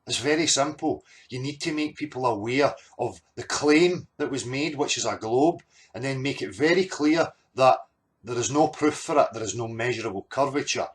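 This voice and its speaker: A man talks straight at his audience, arguing hard and repeating himself as he presses a point. His voice sits at an ordinary middle pitch, and he keeps leaning on fillers and emphatic jabs. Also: moderate pace. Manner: argumentative, repetitive fillers, emphatic. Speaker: channel host. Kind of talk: monologue reacting to clips.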